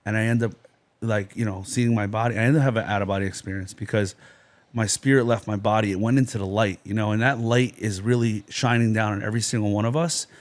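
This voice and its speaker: A New Jersey man appears as a podcast guest, recounting his life story in a fast, intense, rambling way peppered with "you know" and "like." His voice is lowish and his tone stays steady throughout this personal testimony.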